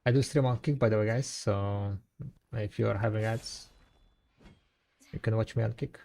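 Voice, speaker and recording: A man's voice: lowish voice, steady tone, normal speed, gravelly, mellow. Chatty streamer guy. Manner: chatty, answers viewers' chat between play. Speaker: live streamer. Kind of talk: casual live-stream chat while gaming.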